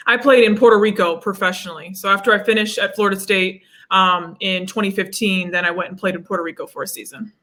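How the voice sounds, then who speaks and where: A young woman guest on a video call, telling her story in a lively, conversational way. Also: mid-range voice, fast, few pauses. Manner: animated storyteller, acts out quotes.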